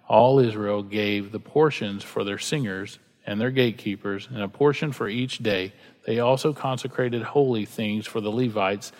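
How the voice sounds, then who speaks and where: Man preaching in a reverberant hall. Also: medium pitch. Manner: reads scripture then preaches with casual asides. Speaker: pastor. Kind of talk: sermon.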